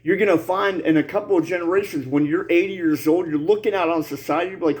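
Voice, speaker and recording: A man's voice: high-pitched, fast, few pauses, a little mellow, low-quality recording. A man in his forties delivering a heated, profane vlog rant, rambling and repeating himself, peppering every line with "bro" and "dude.". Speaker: vlogger.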